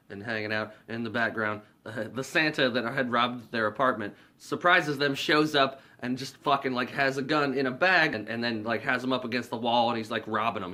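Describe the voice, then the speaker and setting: A man's voice: mid-range voice, sharp tone. A man casually recapping a movie plot in a rambling, profane way, laughing often. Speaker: movie reviewer.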